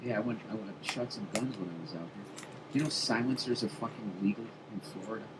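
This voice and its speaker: A podcast host tells a casual, comedic story packed with swearing, getting more animated as he builds momentum. His voice is on the low side and fairly quick, and heavy background noise fills the recording.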